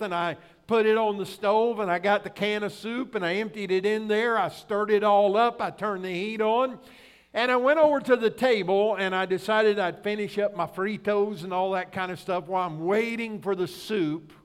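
A middle-aged male pastor with a high-pitched voice that rides above most men's, preaching in a folksy, storytelling manner. He keeps turning to the congregation with rhetorical questions as he makes his point. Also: clean tone. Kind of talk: sermon with personal story.

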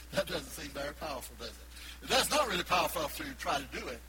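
Man preaching with dramatic loud-soft swings. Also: a little high, sing-song, brisk, heavy background noise. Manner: dramatic swings from loud emphatic peaks to hushed asides. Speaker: pastor. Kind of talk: sermon. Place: church sanctuary.

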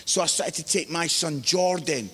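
A man from the UK preaches with a notably high voice, spinning self-mocking stories and acting out the people in them. He sounds middle-aged, and his words ring on in a large reverberant hall. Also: moderate pace, pushed and bright, breathy edge. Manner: chatty, self-mocking, acts out quoted voices. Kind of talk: sermon with humorous storytelling. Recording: live hall with long reverb.

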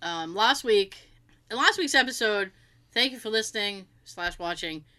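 A woman's voice: mid-range voice, moderate pace. A young woman co-hosting a podcast, telling a story in casual chat with lots of laughter and mimicry. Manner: animated storyteller, laughs often, mimics others in quotes. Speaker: podcast co-host.

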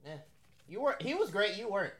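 A man's voice: high-pitched, big pitch swings, brisk, a bit bright. A man co-hosting a casual podcast, needling the host with dry put-downs. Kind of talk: casual chat.

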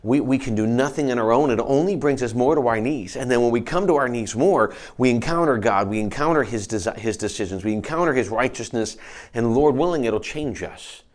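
An earnest male pastor preaching in a conversational way, often restarting his sentences as he works through a point. His voice sits at an ordinary middle pitch, and he shifts into a slower, more formal cadence when reading scripture.

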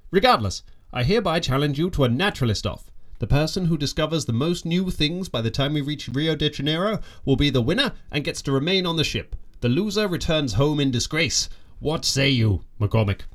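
A man's voice: a little high, lively intonation, fairly quick, lightly acted. A man playing a pompous, petty ship's naturalist. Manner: stiff formal letter-reading, self-important. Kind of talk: comic audio drama.

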